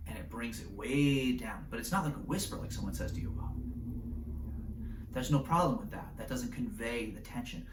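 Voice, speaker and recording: An animated male teacher lecturing a class, constantly checking in with his listeners. His mid-pitched voice sounds roomy and echoey, picked up from a little distance off the mic. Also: moderate pace, background noise. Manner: animated, acts out scenarios with voices, keeps asking "right?".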